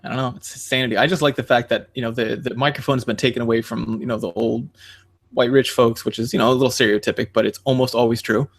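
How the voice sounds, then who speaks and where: Man co-hosting a casual podcast, brisk, rambling and animated. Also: medium pitch. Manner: rambling, many fillers and restarts; animated, jumps into quoting others. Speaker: podcast co-host. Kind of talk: casual chat.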